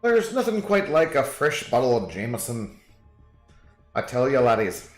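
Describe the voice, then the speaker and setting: A man doing a hearty, boozy pub man, laying the brogue on thick. The voice sits brighter and higher than his everyday talk. It is recorded in an echoey room with soft music in the background. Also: very animated, normal speed, natural voice. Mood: jovial. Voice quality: exaggerated brogue.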